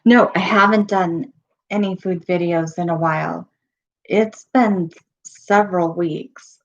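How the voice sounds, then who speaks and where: A middle-aged woman chatting casually on her live stream, losing her voice and pausing often with ums. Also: on the low side, steady tone, highs cut off. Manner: halting, with many pauses and ums.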